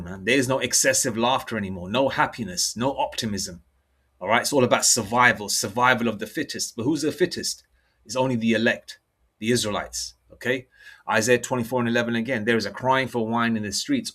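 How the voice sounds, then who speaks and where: A man's voice: lowish voice, a bit bright. A middle-aged man with a British accent, preaching in a loose, profane monologue and checking in with his listeners. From United Kingdom. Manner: blunt and profane, with frequent "okay?" and "all right?" check-ins; reads scripture aloud slowly. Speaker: religious preacher.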